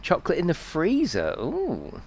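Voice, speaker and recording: A man's voice: on the low side, lively intonation, normal speed. A man live-streaming a video game, chatting playfully with his viewers, reading their messages aloud and laughing often.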